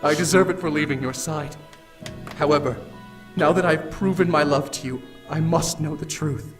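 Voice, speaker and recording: Earnest and tender, this devoted game lover pours out vows of love in a slightly raised voice, as a male voice actor plays him. The sound comes from some distance off, with game music swelling loudly behind him. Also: fairly high pitch, normal speed, natural voice. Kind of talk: game voice acting. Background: game background music.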